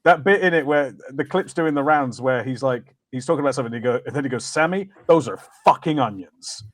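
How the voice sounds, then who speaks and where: A man's voice: mid-range voice, steady tone, fast, no echo. A man co-hosting a casual film podcast, enthusiastic and fond of acting out quotes. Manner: enthusiastic, acts out quotes in silly voices. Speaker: podcast co-host.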